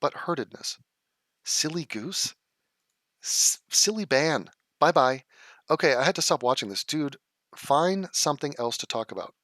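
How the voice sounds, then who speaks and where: A man's voice: a little high, lively intonation, unhurried, a bit bright, dry recording, clean studio sound. A man answering viewer comments in a vlog, sarcastic, profane and exasperated.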